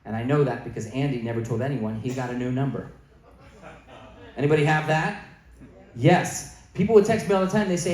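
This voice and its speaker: A man's voice: medium pitch, brisk, darkish tone. A man with a Canadian accent doing a stand-up comedy set, telling a long story and acting out text messages in different voices. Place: comedy venue with audience. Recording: echoey room.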